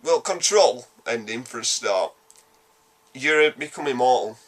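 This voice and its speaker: A man with a Yorkshire accent giving a casual spoken game review, animated, blunt and sweary, rambling quickly through his points. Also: medium pitch. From Yorkshire, England.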